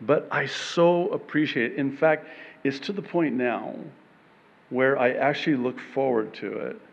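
A man preaching a sermon in an animated way, acting out short exchanges and laughing between points. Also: mid-range voice, measured pace, gravelly, long reverb tail, muffled recording. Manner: animated, acts out little dialogues with laughs. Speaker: pastor.

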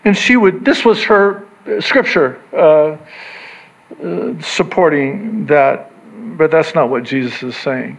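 A man preaching a sermon in a slightly high voice, taking his time over each phrase. He is animated and acts out the voices of the people he quotes. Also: slow pace, creaky, highs cut off. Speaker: pastor.

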